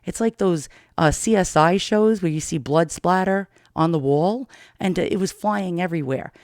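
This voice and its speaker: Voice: mid-range voice, moderate pace, a little mellow, dry recording, clean studio sound. Profane middle-aged New storyteller. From Queens, New York. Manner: profane, blunt, darkly amused. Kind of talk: casual personal storytelling.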